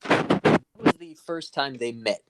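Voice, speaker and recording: A man's voice: medium pitch, slow pace, heavy background noise. A man co-hosting a podcast, casually retelling video game scenes, swearing freely and chuckling. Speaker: podcast co-host. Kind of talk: casual chat about video games.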